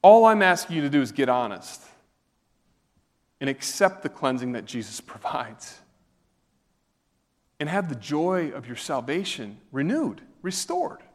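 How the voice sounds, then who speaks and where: A man's voice: fairly high pitch, sing-song, measured pace, long pauses. A man preaching a sermon as a pastor, earnest and conversational, asking his listeners direct questions. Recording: long reverb of a hall.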